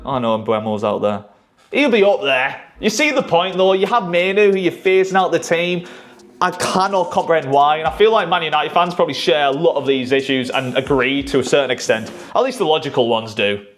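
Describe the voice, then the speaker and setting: A man giving animated, opinionated football predictions in a casual vlog, swearing freely. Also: on the high side, fairly quick. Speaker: YouTuber, football fan.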